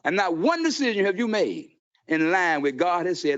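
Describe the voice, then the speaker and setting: A man's voice: high voice, very animated, normal speed, a bit bright. A man making an impassioned public comment at a council meeting, confrontational and preachy, quoting scripture. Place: city council chamber. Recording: dull lo-fi meeting audio.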